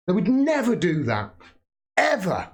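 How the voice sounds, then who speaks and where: A British man in his forties hosting a political livestream, ranting angrily with frequent swearing and bursts of laughter. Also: high-pitched. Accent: British English. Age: 40s. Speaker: political YouTube host.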